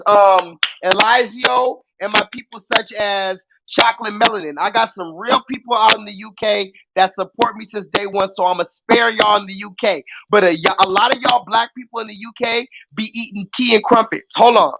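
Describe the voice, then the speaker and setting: A young adult man hosting a live call-in stream, ranting loudly and profanely at the chat and mocking his target. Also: sits high, heavy background noise. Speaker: livestream host.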